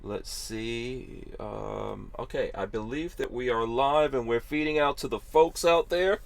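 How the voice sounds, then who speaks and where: A man's voice: mid-range voice, a little slow, vocal fry. A man hosting a live podcast from his car, casual and joking, laughing easily with his guest. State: tired. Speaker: podcast host.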